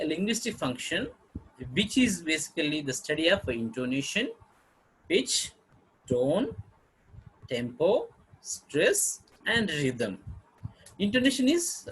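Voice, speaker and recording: A man giving a phonology lecture, halting often with fillers and repeating phrases. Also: on the high side, very animated, a bit bright, breathy edge, low-quality recording.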